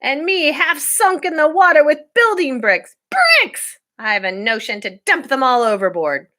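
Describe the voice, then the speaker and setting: A woman voicing a short-tempered male sea captain in a read-aloud storybook, bursting out in exasperated shouts. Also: high-pitched, sing-song, a little slow, voice pushed up, full character voice.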